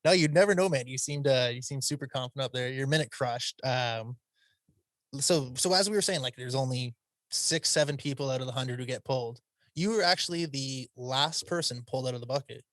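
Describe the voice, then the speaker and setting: A man's voice: mid-range voice, a little fast, a bit bright, dry recording. A man hosting a podcast, asking eager, upbeat questions in a casual interview. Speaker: podcast host.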